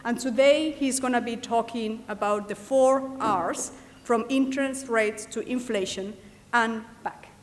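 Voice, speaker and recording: A woman gives a formal introduction of a guest speaker, careful and a little hesitant as she goes through her notes. Her voice sits a touch high. The long reverb of a lecture hall hangs behind her. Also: unhurried. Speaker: session chair introducing the speaker.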